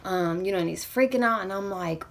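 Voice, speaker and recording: A woman's voice: medium pitch, brisk, vocal fry. A young woman in a personal vlog, her voice emotional and close to tears. She rambles, restarts and fills her story with casual fillers as she works through it. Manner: rambling, full of fillers like "you know what I mean". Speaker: vlogger.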